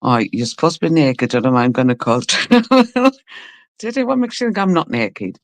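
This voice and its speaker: A woman from Cumbria, hosting a casual live stream. Her voice is low and rough, and she chats bluntly, swears and laughs a lot while greeting viewers. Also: lively intonation, moderate pace, no room sound. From Cumbria, England. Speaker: livestream host.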